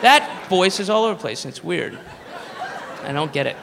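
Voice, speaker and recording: A man's voice: sits high, sing-song, normal speed, gravelly, fairly bright tone, a faint crowd, slight background noise. A man doing a stand-up comedy routine, rambling and profane, with laughing asides. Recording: live room with long reverb.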